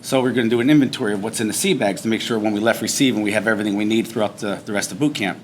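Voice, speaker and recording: A man's voice: fairly low pitch, rapid-fire, slight background noise. Man telling a boot camp story. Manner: animated storyteller, acts out shouted drill instructor lines. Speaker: veteran speaker. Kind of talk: personal storytelling speech. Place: banquet hall at a veterans breakfast.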